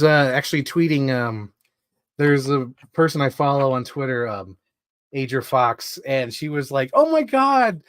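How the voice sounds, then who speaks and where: A man's voice: medium pitch, dry recording, clean studio sound. Chatty man rambling on a stream. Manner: chatty, rambling fan talk with many fillers. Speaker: live streamer. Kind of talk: casual chat.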